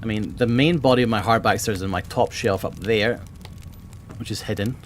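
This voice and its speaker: A man's voice: on the low side, moderate pace, slight background noise. Man rambling about books. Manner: rambling and enthusiastic, swears often. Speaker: streamer. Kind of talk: casual chat about books. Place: home room with bookshelves.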